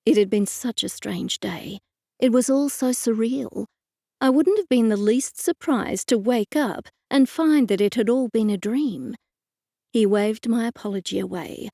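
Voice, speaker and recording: A woman's voice: on the high side, measured pace, gravelly, dark tone, no room sound. A woman narrating a first-person mystery audiobook with a wry, dry storytelling manner.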